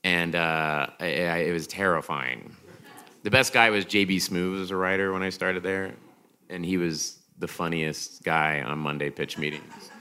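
A man with a low but bright voice tells backstage stories at a live podcast taping. He is animated and quick to act out quotes, with fillers and restarts all the way through. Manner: animated, jumpy, acts out quotes. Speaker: guest comedian. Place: live stage in front of an audience.

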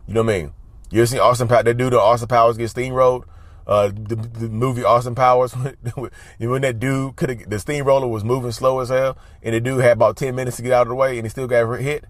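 A man's voice: mid-range voice, fairly even intonation, fast, dry recording. Guy vlogging advice, hammers his points over and over, lots of y'all, mid voice, dry close sound. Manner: emphatic, repetitive, often says y'all. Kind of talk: casual talk to camera.

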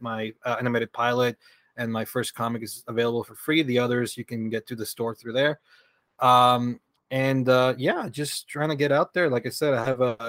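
A man's voice: mid-range voice, no room sound. Laughing Venezuelan man, swears freely. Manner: relaxed, hesitant, laughs often, swears freely. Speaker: guest, comic creator. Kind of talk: casual interview chat.

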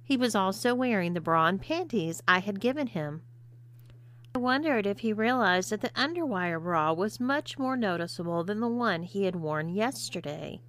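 Bright, teasing woman narrator. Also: medium pitch, animated, moderate pace. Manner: teasing, seductive delivery. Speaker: audiobook narrator. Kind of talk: scripted narration of an erotic story.

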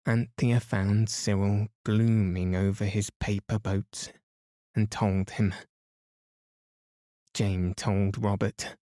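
A man's voice: on the low side, no echo, studio quality. Soothing male bedtime story reader. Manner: soft, soothing, even. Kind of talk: calm storybook narration.

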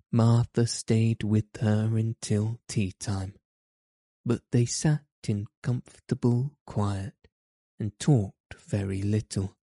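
A man reading a classic novel aloud in a measured storytelling manner. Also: lowish voice, warm tone, no echo, studio quality. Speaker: narrator. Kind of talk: audiobook reading.

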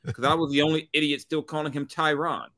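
A man co-hosting a sports talk show, rambling and animated, with many restarts. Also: fairly high pitch, quick pace, dry recording, studio quality. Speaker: sports radio co-host.

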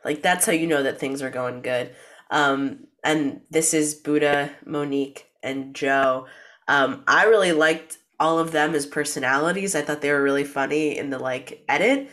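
A woman's voice: low-pitched, normal speed, fairly bright tone. A young woman co-hosting a podcast in casual chat, playful and rambling. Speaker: podcast co-host.

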